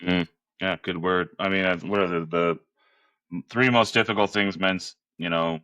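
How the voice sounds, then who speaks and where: A man's voice: low voice, steady tone, moderate pace, bright, forceful tone, no room sound, highs cut off. A man talking as a podcast guest who leads men's groups, earnest and loose, full of "you know" fillers. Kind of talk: casual interview chat.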